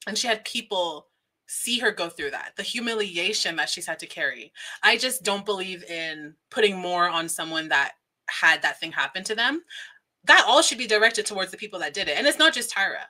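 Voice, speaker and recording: Woman host, casual stream talk, bright voice, laughs a lot, reads chat aloud. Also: medium pitch, lively intonation, moderate pace. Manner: chatty, laughs often, reads viewer comments aloud. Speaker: livestream host. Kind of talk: casual livestream commentary.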